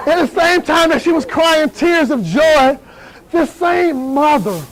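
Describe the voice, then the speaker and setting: A man in his thirties from Georgia, giving a motivational speech and telling a story to an audience in an animated, playful way with repeated phrases. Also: very high voice, unhurried, a little hiss or hum, poor audio. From Decatur, Georgia. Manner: animated, repetitive, playful, with sudden shifts to hushed. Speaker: motivational speaker.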